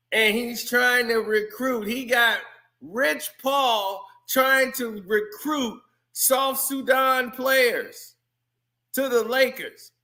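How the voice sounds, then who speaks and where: A man giving casual, animated sports commentary on his channel, laughing often. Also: very high voice. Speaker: YouTube commentator.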